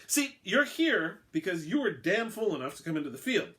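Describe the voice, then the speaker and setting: A brash, bossy alien announcer, put on by a man reading aloud, pitched up above his usual voice. He rattles off rules impatiently and sounds irritated by questions. His delivery rises and falls in a lively way. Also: a little fast. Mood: flippant. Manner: flippant, impatient, chatty. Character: brash, sarcastic male alien game announcer.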